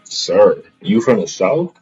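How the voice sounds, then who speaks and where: A man's voice: on the low side, sing-song, takes it slowly, a little mellow, breathy edge, soft background music. A man hosting random video chats, teasing strangers in laid-back slang. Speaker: host. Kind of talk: casual video-chat banter. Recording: dull lo-fi video-chat audio.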